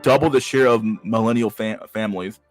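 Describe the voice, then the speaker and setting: A man's voice: fairly low pitch, fairly quick, soft background music. Profane man riffing on the news. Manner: profane, slangy asides. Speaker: podcast host. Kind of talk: reading a news article with casual commentary.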